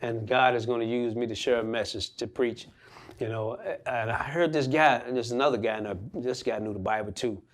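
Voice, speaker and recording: A man, a pastor, telling his own story in an interview, earnest and animated, acting out the voices he quotes. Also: mid-range voice, brisk. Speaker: pastor and guest. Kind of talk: emotional personal storytelling.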